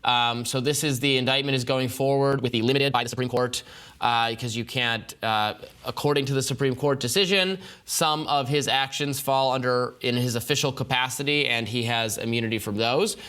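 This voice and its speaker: Bright, crisp, analytical male voice. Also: medium pitch, fairly even intonation. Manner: deliberate, analytical, with many hesitations. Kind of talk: measured political analysis.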